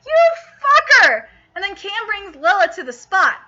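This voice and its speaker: A woman vlogger recapping a novel in a casual, gushing and excitable way, with filler words. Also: very high voice, moderate pace. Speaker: book vlogger. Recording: dull lo-fi audio.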